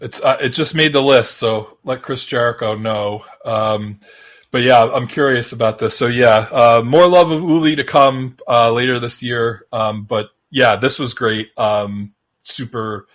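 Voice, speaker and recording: Rambling, halting male podcast co-host. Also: medium pitch, fairly bright tone. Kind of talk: casual chat.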